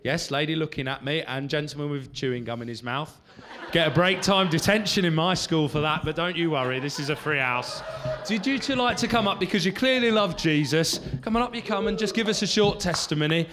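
A man's voice: a little high, a little fast, noisy background. Jovial man leading a church service. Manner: jovial, bantering with the congregation.

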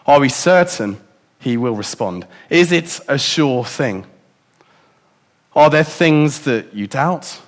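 A man's voice: mid-range voice, lively intonation, slow pace. Reflective male preacher asking questions. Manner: reflective, many rhetorical questions. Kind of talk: sermon.

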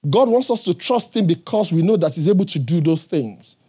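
A man's voice: high-pitched, expressive, brisk, dark tone, breathy edge. A man preaching a sermon in an earnest, emphatic way, often checking in with the congregation.

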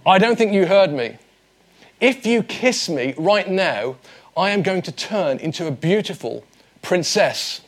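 Brief: a man voicing a small talking frog, coaxing and insistent, plain speaking voice pitched a little high, soft delivery. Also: expressive, a little slow, full character voice.

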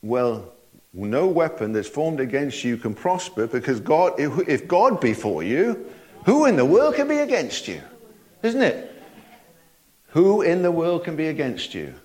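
Chuckling older preacher. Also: male voice, on the high side, wildly swooping pitch, unhurried, a little mellow. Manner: folksy, chuckling, repeated tag questions. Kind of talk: sermon.

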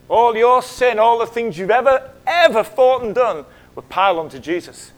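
A middle-aged male pastor preaching in church, swinging between loud exclamations and hushed whispers and asking the congregation questions. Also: sits high, lively intonation, measured pace. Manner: conversational, asks the congregation questions. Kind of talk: sermon.

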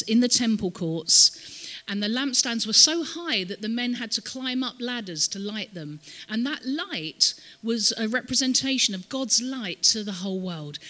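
Bright-voiced woman teaching in a church. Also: medium pitch. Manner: storytelling, has the audience repeat words. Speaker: visiting ministry speaker at a church. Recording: long reverb of a church hall.

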